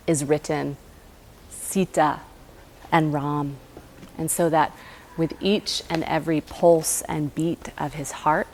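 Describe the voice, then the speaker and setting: A woman yoga teacher tells a devotional legend to her class in a low, calm voice. She speaks slowly and softly, with fillers like um and you know. A faint hum of room ambience sits underneath. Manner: soft-spoken and unhurried, with fillers like um and you know. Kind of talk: storytelling during a guided yoga class.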